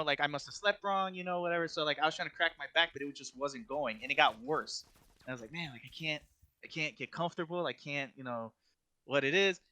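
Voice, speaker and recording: Young guy on a podcast, kinda high bright voice, super dry close sound, rambles with lots of "like". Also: dry recording. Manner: rambling storyteller, constant "like" fillers and restarts. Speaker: podcast co-host. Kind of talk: casual chat.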